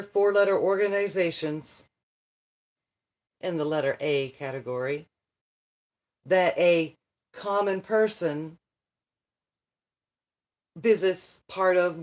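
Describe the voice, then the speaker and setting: A woman's voice: lowish voice, a little mellow. Rambling older woman book reader. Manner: rambling, self-interrupting, dramatic sighs and complaints. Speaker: channel host reading books aloud. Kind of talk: casual live chat and reading.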